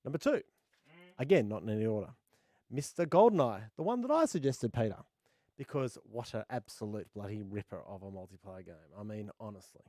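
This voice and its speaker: A man co-hosting a gaming podcast, trading casual, jokey banter. His pitch swings widely as he talks, and his voice is a little rough from laughing. The sound is dry and close, with little room. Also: animated, fairly quick, warm tone, no room sound. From Australia. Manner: jokey, laughs often, bloke-ish banter. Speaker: podcast co-host. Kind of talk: casual chat.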